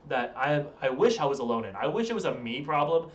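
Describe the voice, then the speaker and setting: A man's voice: medium pitch, sing-song, fast talker, highs cut off. A tired young man streaming from home, chatting casually with his audience in a rambling, self-interrupting way. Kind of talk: casual live-stream chat. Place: room at home. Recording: roomy echo, from a distance.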